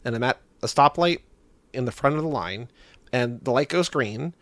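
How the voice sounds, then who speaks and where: A man's voice: mid-range voice, lively intonation, normal speed, a bit bright, no room sound. A young man co-hosting a podcast, telling a rambling story in casual chat, filled with "like". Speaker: podcast co-host.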